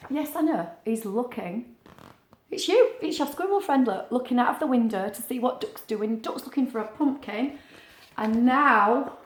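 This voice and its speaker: A woman's voice: fairly high pitch, animated, normal speed. Playful woman reading a storybook aloud. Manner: playful, chatty asides to a puppet. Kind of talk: reading a picture book aloud with a puppet. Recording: roomy echo.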